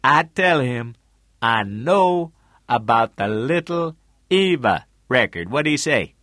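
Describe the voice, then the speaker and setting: A man's voice: medium pitch, sing-song, slow pace, pushed and bright, dry recording, clean studio sound, voice pushed up, full character voice. A man voicing a streetwise male friend who talks in terse broken English. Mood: matter-of-fact. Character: streetwise male friend, agreeable, small-time fixer.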